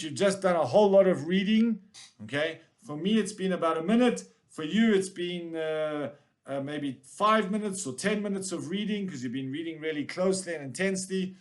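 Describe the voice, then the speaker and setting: A man teaching an exam revision lesson with lots of energy and jokes. His voice sits a little higher than most men's. He is direct and punchy when he gives instructions.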